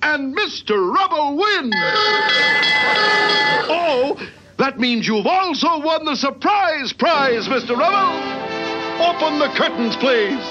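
An actor voicing a smarmy cartoon game show host with showy, chuckling announcer patter. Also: male voice, very high voice, expressive, takes it slowly, pauses often, lo-fi sound, over loud music, heavily acted.

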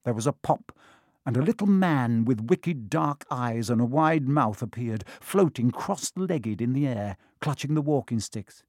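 A man narrating a children's fantasy novel in a steady, expressive audiobook reading. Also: medium pitch, a little slow, no echo, studio quality.

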